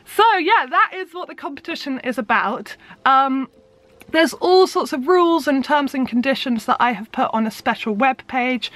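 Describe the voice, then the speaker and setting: A young woman speaks to camera in a casual vlog, her voice sitting a little high. She is bubbly and excitable, chatting freely with plenty of fillers as she explains her project. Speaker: vlogger and musician.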